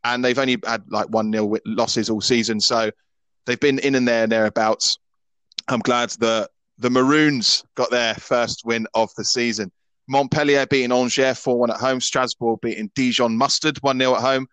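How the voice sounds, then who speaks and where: A man's voice: medium pitch, fairly even intonation, moderate pace, a bit bright, clear, resonant tone, no room sound. Chatty Scottish man in his thirties. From Scotland. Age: 30s. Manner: chatty, stammers and restarts often, opinionated. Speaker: football podcast host. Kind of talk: casual podcast chat.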